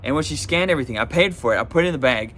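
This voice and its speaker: A man's voice: mid-range voice, animated, very fast, fairly bright tone, slight background noise. A man telling a story in a casual, exasperated rant, swearing and using lots of fillers. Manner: profane, exasperated, many fillers. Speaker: vlogger.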